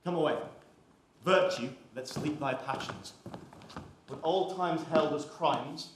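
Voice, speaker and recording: A witty young gallant plotting a ruse, voiced by a man in a live stage play. He declaims his verse in a slightly high voice, and the theatre hall rings with heavy echo. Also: takes it slowly. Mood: scheming. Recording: very echoey stage with faint noise.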